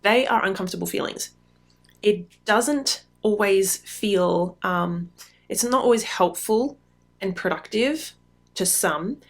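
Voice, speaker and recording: A middle-aged woman hosting a parenting podcast, giving advice in a relaxed, conversational way with frequent ums. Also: medium pitch. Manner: conversational, frequent ums, acts out quoted lines. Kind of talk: casual advice talk. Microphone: podcast mic.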